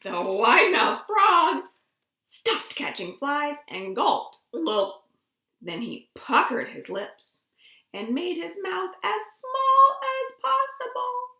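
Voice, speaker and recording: A woman librarian reads a picture book to young children from home, slowly and expressively, dropping to soft asides and little gasps. Her voice sits a bit high. The room sounds roomy and echoey. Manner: gentle, expressive, slow read-aloud with gasps. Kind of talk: children's storytime reading.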